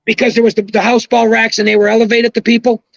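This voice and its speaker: An older man telling an animated story as a podcast guest, excitable, swearing and acting out quotes. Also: very high-pitched, fast talker, gravelly, no room sound, muffled recording.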